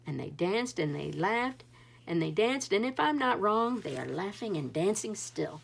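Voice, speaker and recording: Animated woman reading a storybook aloud. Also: fairly low pitch, measured pace, creaky, breathy edge. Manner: animated, dramatic rises and drops. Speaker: read-aloud narrator.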